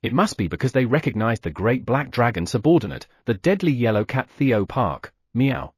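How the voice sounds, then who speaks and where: A man's voice: medium pitch, sing-song, moderate pace, slightly rough, no echo, clean studio sound. Theo, a man voicing a boastful cat merchant. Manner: ends sentences with meow; arrogant, scheming. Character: boastful greedy male talking cat merchant. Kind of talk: audiobook character voice.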